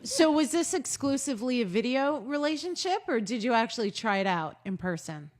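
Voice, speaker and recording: A female co-host with a slightly higher voice, chatting casually. She drops dry, quick one-liners and squeamish little asides. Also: big pitch swings. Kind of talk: casual chat.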